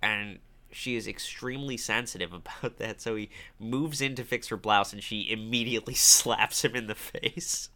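A man co-hosting a podcast, casually retelling a movie scene by scene with animated asides, swearing and frequent laughter. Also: fairly low pitch, normal speed. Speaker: podcast co-host.

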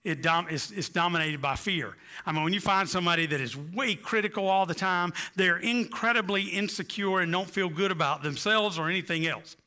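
A man's voice: sits high, brisk, hardly any pauses, bright, forceful tone. A man preaching a sermon with impassioned delivery, rising to emphatic peaks. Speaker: pastor.

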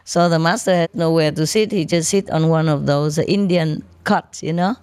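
A low-pitched woman spiritual teacher chats through stories with her disciples, laughing often. She is heard close and dry. She shows things with her hands as she talks. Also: normal speed, darkish tone, clear, resonant tone, no room sound. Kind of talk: casual storytelling talk to disciples.

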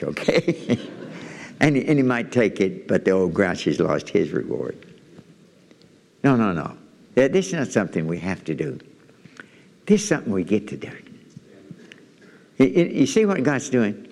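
A male preacher with a somewhat low voice delivers an animated sermon, stammering into restarts and repeating his phrases. His voice rings out through a church hall with a long reverb trailing each line. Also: moderate pace, gravelly, pauses often.

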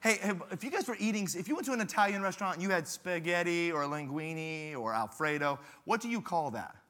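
Brief: playful pastor, high, bright voice, dramatic storyteller. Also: male voice, lively intonation, fairly quick. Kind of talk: sermon at a youth rally.

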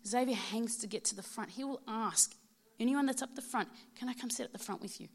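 A woman's voice: a little high, a little fast, gravelly, husky. Heartfelt Australian woman in her thirties. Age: 30s. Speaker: mother giving a church testimony. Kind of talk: prepared personal testimony speech.

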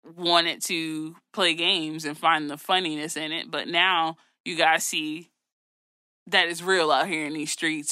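A woman's voice: on the low side, bright, forceful tone, dry recording. A woman co-hosting a casual gossip chat, sassy, blunt and profane. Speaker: podcast co-host.

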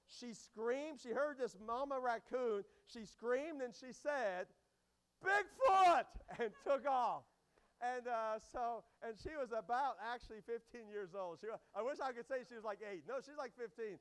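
Energetic high-voiced male preacher. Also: moderate pace, hardly any pauses, clear, resonant tone. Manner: energetic, loud and rambling with many restarts. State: strained voice from days of preaching. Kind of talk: sermon with storytelling. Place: church hall.

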